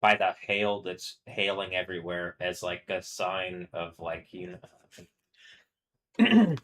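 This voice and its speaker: Rambling man with a bright edge. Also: deep voice, expressive. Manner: rambling, swearing, halting restarts; reads news aloud, stumbling over words. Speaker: streamer. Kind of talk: casual live-stream monologue.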